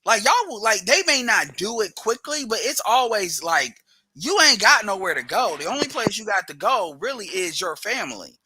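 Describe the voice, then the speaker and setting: A man's voice: high-pitched, sing-song, moderate pace, pushed and bright, a little hiss or hum. A man co-hosting a casual podcast chat, talking loosely with lots of swearing and restarts.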